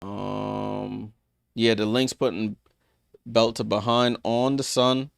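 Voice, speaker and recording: Speaking slowly and steadily, a man with a fairly low, smooth voice and some vocal fry recaps scores on a live sports stream. His commentary is loose and chatty, full of fillers and restarts, and he addresses viewers by name. It's recorded in studio quality without echo.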